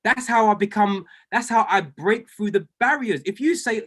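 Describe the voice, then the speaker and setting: A man's voice: high voice, animated, measured pace, few pauses, a bit bright, husky. A man coaching a group of traders on a video call. He speaks with fervent conviction, repeats key lines for emphasis, and calls people by name. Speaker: trading coach.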